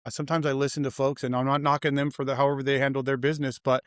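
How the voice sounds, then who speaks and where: A man hosts a podcast in easygoing chat, swearing freely and loosely. His voice sits at an ordinary middle pitch. The sound is close and dry, with no room around it. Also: flat delivery, very fast, dry recording. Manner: profane, laid-back, freely cursing. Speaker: podcast host.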